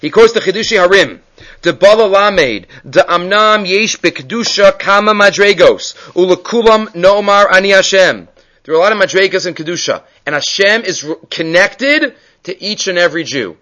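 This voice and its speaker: Man, high-pitched, Torah teacher; earnest explainer moving between Hebrew quotes and English. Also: animated, moderate pace, bright, forceful tone. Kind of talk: daily Torah class on the weekly portion.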